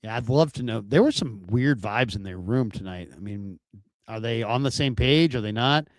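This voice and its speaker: A male sports show host chatting through a live stream and answering viewer chat. His pitch swings widely as he muses aloud with rhetorical questions. The sound is dry and close. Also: animated, normal speed, no echo.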